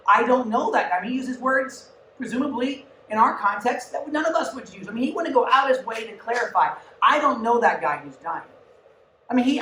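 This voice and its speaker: A youth pastor gives a sermon in church, speaking casually and with energy and tossing asides to her audience. Her voice is a little high. The mic is at a distance in an echoey room, with slight background noise.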